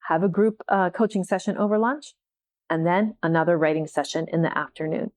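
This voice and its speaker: A woman's voice: on the low side, fairly quick, a little mellow. A woman hosting a solo podcast as a writing coach, talking casually with frequent laughs and filler words. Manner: chatty, laughs often, fillers like "like" and "you know".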